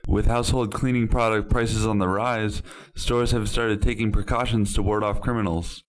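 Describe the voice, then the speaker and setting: Low-voiced man reading news reports. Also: flat delivery, normal speed, low-quality recording.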